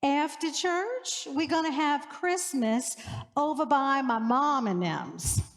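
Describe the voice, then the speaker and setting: Folksy Yat-accented New Orleans woman, done by a woman preacher, high-ish, slow drawl. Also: expressive, big-room sound, heavily acted.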